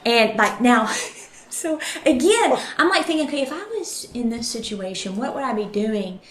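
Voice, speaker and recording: A woman hosting a true crime podcast, retelling a case with lively acted-out quotes. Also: on the high side, normal speed, echoey room. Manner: animated, acts out quotes. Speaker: podcast host.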